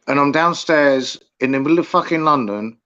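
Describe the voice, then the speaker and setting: A man's voice: fairly high pitch, moderate pace, bright, forceful tone, clear, resonant tone, dull audio. A man telling a personal anecdote in casual chat, sweary and chuckling as he goes. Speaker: protester chatting. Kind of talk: casual storytelling.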